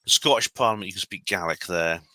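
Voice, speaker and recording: A man explains points calmly on a casual livestream, humming along between remarks. His voice is low yet very bright and sharp-edged, recorded dry and close. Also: dry recording. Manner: measured, explanatory, with filler hums.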